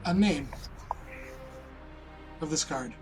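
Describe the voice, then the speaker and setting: A man playing a tabletop game, speaking in a brisk, matter-of-fact way. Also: a little high, expressive, darkish tone, faint music behind. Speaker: player.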